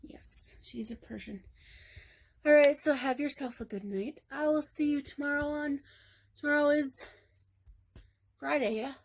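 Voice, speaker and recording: A woman's voice: high-pitched, fairly even intonation, a little slow, pauses often. A woman vlogging at home, chatting casually and rambling aloud to herself as she goes about her day. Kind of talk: casual chat. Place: at home indoors.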